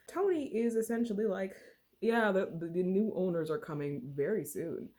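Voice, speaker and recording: A woman's voice: medium pitch, normal speed, dark tone. A woman casually retelling a book's plot in a slangy, chatty way full of fillers. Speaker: book reviewer. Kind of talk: casual book recap.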